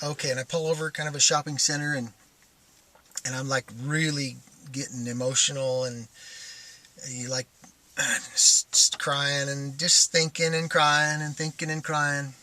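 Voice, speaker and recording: A man with a bright, forceful voice pitched a touch high tells a personal vlog story in a meandering way. He thinks aloud and keeps stopping and starting over. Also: steady tone, moderate pace. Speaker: vlogger.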